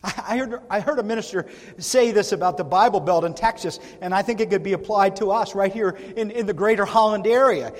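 A male pastor preaching a sermon in a church, earnest and emphatic, with long pauses. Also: sits high. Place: church sanctuary. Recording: reverberant church hall.

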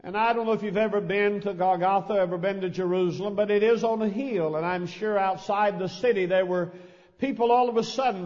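A man, a pastor, reading scripture, praying and preaching a sermon in an earnest, measured way in a church. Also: high voice, a little mellow. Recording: lo-fi audio with long hall reverb.

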